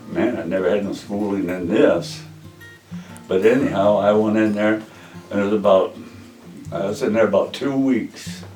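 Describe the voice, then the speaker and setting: A man's voice: on the low side, a little mellow, reverberant, recorded from a distance, low-quality recording. Older man telling war memories. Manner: plainspoken, repeats "he says" while retelling dialogue. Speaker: veteran interviewee. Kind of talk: oral history storytelling.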